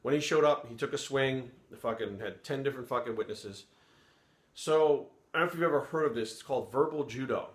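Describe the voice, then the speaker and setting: A man's voice: medium pitch, brisk. Casting: middle-aged man from Rhode Island, ex-police sergeant, mid-range voice, swears constantly, blunt storyteller, roomy echoey recording. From Providence, Rhode Island. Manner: blunt, heavily profane, conversational. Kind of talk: casual storytelling to camera. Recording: roomy echo.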